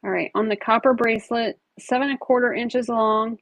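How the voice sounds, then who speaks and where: A woman runs a live online jewelry auction, chatting easily as she handles and describes each piece in a casual selling stream. Her voice is gravelly with vocal fry, a little high, fairly even in intonation and fairly quick. The sound is dry and close, without any room echo.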